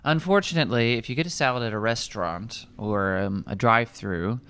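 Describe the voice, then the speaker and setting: Wry, animated man reading food labels. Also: medium pitch, a little fast, clear, resonant tone. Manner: animated, wry, lists ingredients aloud. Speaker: nutrition coach. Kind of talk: casual kitchen chat, reading labels. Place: office kitchen.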